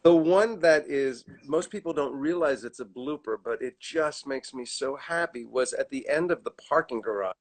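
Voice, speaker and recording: A middle-aged man telling animated stories in a casual chat over a video call, laughing often. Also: mid-range voice, normal speed, few pauses. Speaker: guest actor. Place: at home.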